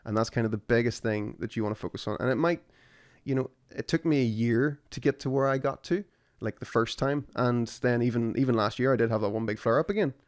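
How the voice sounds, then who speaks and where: A man hosting a casual podcast, telling stories in an animated, sarcastic way. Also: mid-range voice, brisk. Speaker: podcast host.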